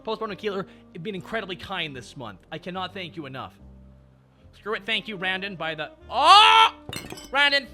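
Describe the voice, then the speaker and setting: Excitable young man with a bright voice. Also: high-pitched, soft background music. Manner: excitable, shouting names, quick bursts. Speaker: streamer host. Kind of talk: live stream chat, thanking donors.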